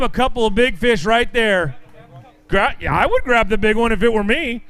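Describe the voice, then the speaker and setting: A man's voice: high voice, expressive, moderate pace, a bit bright, clear, resonant tone. A man emceeing a fishing tournament weigh-in, announcing weights in an upbeat way and joking with the anglers.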